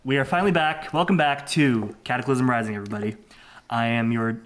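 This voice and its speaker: A man's voice: mid-range voice, brisk, noisy background. A man hosting and running a tabletop game, recapping in a loose, rambling way. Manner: loose and rambling, laughs often. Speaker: game master and host.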